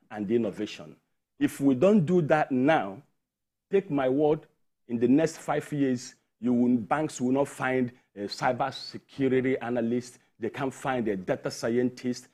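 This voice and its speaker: A man's voice: mid-range voice, mellow. A man with a Nigerian accent, a studio guest explaining a point emphatically with figures. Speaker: guest, tech education founder. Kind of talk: studio interview.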